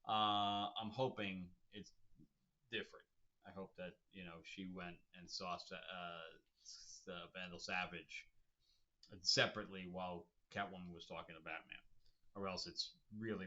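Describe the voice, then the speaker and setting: A man's voice: low-pitched, little pitch movement, normal speed, bright, forceful tone. A man hosting a casual comic review, rambling and amused, with chuckling asides. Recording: dull lo-fi recording.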